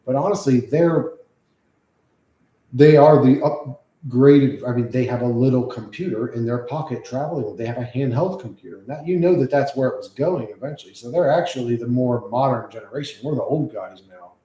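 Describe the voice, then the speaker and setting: A man's voice: medium pitch, brisk, warm tone. A man chatting on a casual livestream, rambling and swearing freely as he reacts to chat. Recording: echoey room.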